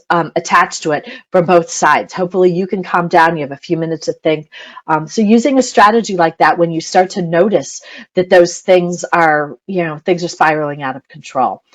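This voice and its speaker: Chatty middle-aged woman on a webinar. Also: fairly low pitch. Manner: chatty, laughs often, fillers like "you know". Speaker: parenting coach presenter. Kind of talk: informal webinar talk. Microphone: computer mic on video call.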